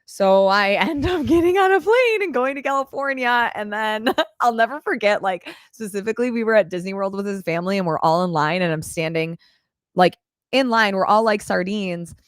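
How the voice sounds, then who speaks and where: A young woman hosts a live chat, casually telling a personal story into a clip-on mic, dropping "like" constantly and laughing as she goes. Her voice is mid-range and her pace moderate. The sound is studio quality with no echo.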